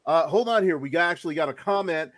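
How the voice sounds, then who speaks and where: A man's voice: a little high, animated, fast talker, a bit bright. A man hosting a casual podcast chat, joking as he leads the discussion. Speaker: podcast host.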